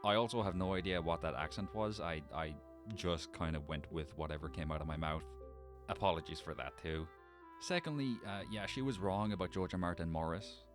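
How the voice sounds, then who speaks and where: A man's voice: sits low, a little fast, music in the background. A man reading a scripted gameplay narration with a wry, dry sense of humor.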